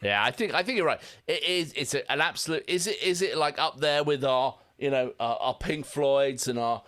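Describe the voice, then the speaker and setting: A man with an English accent co-hosting a music reaction show, chatting and joking in a casual, animated way. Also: medium pitch, normal speed. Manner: animated, self-deprecating, chatty. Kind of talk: casual banter.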